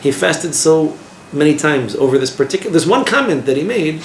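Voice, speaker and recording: A man, a rabbi, teaching an informal class in a lively way, asking his listeners questions and using Hebrew terms. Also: a little high, fairly quick, hardly any pauses. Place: classroom with a small group. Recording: echoey room with background noise.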